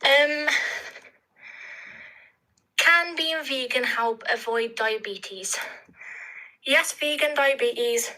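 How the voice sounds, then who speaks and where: A woman calling in to a live stream, hesitant and full of ums, reading out slowly. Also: high-pitched, bright, forceful tone, poor audio. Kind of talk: casual call-in chat.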